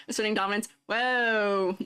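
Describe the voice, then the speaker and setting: A woman's voice: medium pitch, steady tone, slow pace, a bit bright, smooth. A young woman streamer chatting casually with her viewers, giggling often and reacting playfully to fan art. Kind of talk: casual live stream chat.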